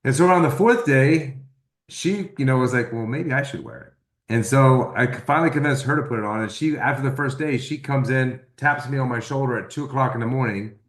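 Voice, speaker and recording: A man telling a personal testimonial story, acting out the dialogue he quotes in an animated way. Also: medium pitch, reverberant. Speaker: testimonial speaker.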